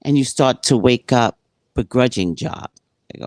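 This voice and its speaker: Woman, gravelly voice, slow delivery, dry close sound, acts out dialogue. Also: rumbling low, no room sound. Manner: animated storyteller acting out dialogue. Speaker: spiritual speaker and psychic. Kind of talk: reading and commenting on a spiritual book.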